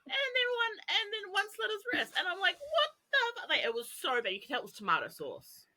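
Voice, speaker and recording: A woman's voice: very high voice, huge pitch swings, fast, bright, forceful tone, rough recording. A young adult woman co-hosting a podcast, telling a long rambling story with swearing and laughter. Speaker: podcast co-host. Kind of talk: casual chat.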